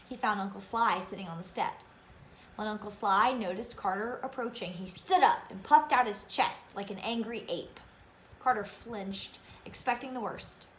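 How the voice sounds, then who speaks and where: A woman reading a children's novel aloud in an expressive way, with asides to her listeners. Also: medium pitch, roomy sound, slight background noise. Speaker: reader of a children's book.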